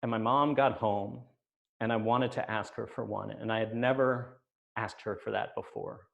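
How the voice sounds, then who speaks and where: A man's voice: lowish voice, fairly even intonation, moderate pace, creaky, lo-fi sound. Man telling a wry personal story. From United States.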